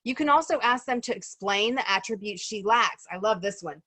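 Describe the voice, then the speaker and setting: A woman's voice: mid-range voice, expressive, moderate pace, sharp tone, no echo. Lady running a discussion circle, chatty with lots of ums, dry close sound. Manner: conversational, many ums and "right?" checks. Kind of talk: casual group discussion on a video call.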